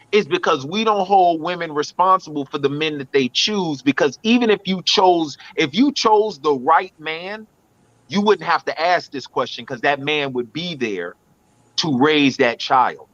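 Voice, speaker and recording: A man with a high, bright, forceful voice lays out his argument on a podcast in a blunt, preachy way, swearing freely. The sound is dry and a little dull. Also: expressive, unhurried, dry recording. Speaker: podcast co-host. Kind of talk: casual podcast debate.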